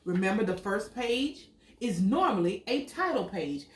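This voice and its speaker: A woman teacher reads a picture book aloud to young children in an expressive storytelling style, acting out the sound words and pausing to quiz them. Her voice is medium-pitched and unhurried, recorded from a distance in an echoey room.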